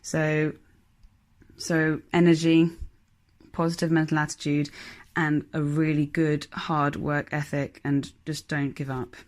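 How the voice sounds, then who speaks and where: A woman's voice: sits low, level tone, slow pace. A woman actress, a guest on the show, speaking to listeners in a grateful, earnest way. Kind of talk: recorded message to listeners.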